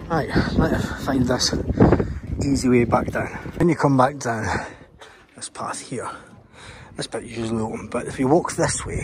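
Medium in pitch and normal in speed, a Scotsman vlogs his way up to a hilltop castle, breathless from the climb. He keeps up a chatty commentary, pointing out features as he walks, over clear outdoor background noise.

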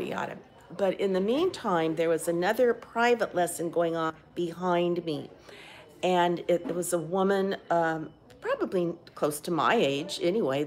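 Older woman, low-voiced, rambling candidly. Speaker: vlogger. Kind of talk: casual personal video diary. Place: rehab facility.

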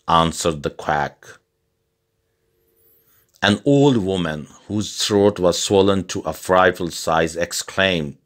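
A man with a low voice reads a storybook tale aloud slowly and deliberately, as scripted narration meant for English learners.

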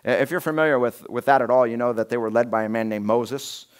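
A man preaching a conversational sermon as a pastor, telling the story casually and acting out quotes with lively shifts in voice. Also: medium pitch, quick pace, clear, resonant tone. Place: church sanctuary.

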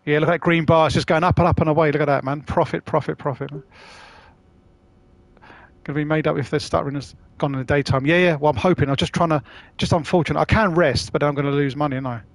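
A man's voice: fairly high pitch, steady tone, racing, few pauses, dry recording. A man chatting casually to his live-stream audience as he plays, rambling, swearing and using slang. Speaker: gaming streamer.

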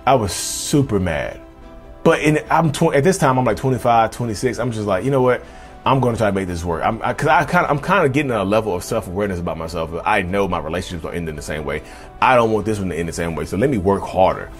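A man's voice: on the low side, animated, fast, soft background music. A man in his thirties telling his own life story to camera in a candid, confessional way, often calling his viewers y'all. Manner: candid, addresses viewers as y'all, frequent restarts.

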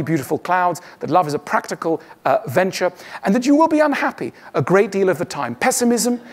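A man's voice: sits high, a little mellow. A man giving a witty stage talk to an audience, acting out the voices he quotes. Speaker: public speaker.

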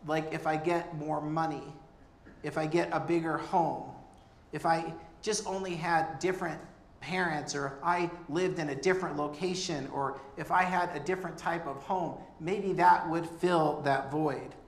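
A man's voice: a little high, fairly even intonation, measured pace. A man preaching a sermon as pastor, earnest and conversational, with humorous asides. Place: church. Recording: echoey church room.

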